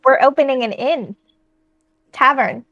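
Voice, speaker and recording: Female player, playful, high, dry and dull recording. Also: unhurried, no room sound. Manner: playful, laughing. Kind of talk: casual tabletop role-play.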